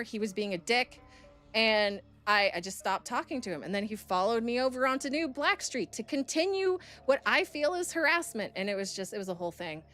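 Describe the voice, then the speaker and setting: A woman's voice: fairly high pitch, sharp tone. A woman streamer telling a story to her chat in a blunt, profane, heated way.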